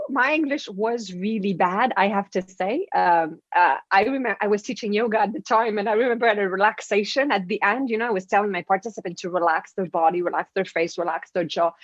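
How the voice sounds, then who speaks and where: A woman's voice: mid-range voice, dry recording, dull audio. A woman, a confidence coach telling stories on a radio interview and acting out inner voices. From French-speaking. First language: French. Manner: lively storytelling, acts out inner voices. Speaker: guest, confidence coach and author.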